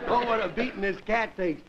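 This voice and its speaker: A man with a fairly high voice tells rambling stand-up jokes in a television studio, breaking into chuckles at his own gags. The sound is dull and lo-fi, like old 1950s television audio with a faint hiss under it. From United States. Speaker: comedian host. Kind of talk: stand-up monologue before a studio audience. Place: television studio with live audience.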